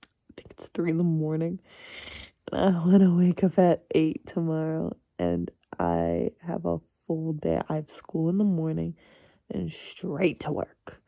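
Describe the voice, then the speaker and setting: A woman's voice: sits low, expressive, a little slow, vocal fry, warm tone, no echo. An eighteen-year-old woman talking to herself late at night in a rambling, frank way, swearing freely and chuckling often. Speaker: university student. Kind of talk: casual late-night solo chat.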